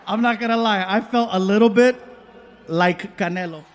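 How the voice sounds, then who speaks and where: Male stand-up comic, high voice, animated and self-deprecating, live stage delivery. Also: normal speed, echoey room, a little hiss or hum. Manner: animated, excitable, self-mocking. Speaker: stand-up comedian. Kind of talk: stand-up storytelling. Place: comedy stage before a live audience.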